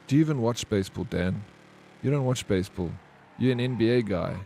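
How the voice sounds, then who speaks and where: A man's voice: medium pitch, brisk, creaky, warm tone, a little hiss or hum. A man chatting casually with his chat during a live game stream, rambling and calling viewers by name.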